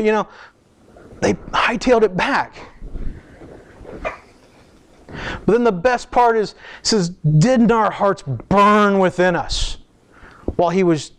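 Casting: male pastor, high-pitched voice, casual storytelling sermon with animated quoted asides.

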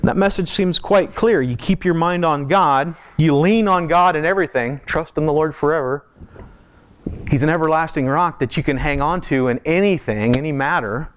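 A man with a slightly higher-pitched voice preaches to his congregation in a relaxed, conversational sermon. He poses questions to the room and stretches out key phrases for emphasis. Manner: slows down and lifts pitch for emphasis. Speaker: pastor. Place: church.

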